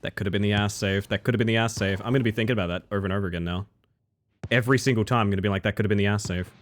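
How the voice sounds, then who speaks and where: Speaking very fast in a lowish, steady voice, this man streams a video game live. His commentary is casual, full of laughter and free swearing as he chats with his audience.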